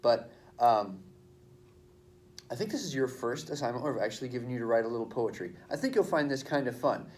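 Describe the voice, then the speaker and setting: A man's voice: medium pitch, animated, fairly quick, a little mellow. A male teacher explaining a poetry assignment to his class at the board in a casual, chatty way.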